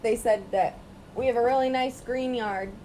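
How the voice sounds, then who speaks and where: A woman's voice: on the high side, steady tone, normal speed, noisy background. A woman with a British accent chatting casually on a livestream at home, answering viewers' comments while she works on a craft. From Chile. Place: at home, partly in a yard.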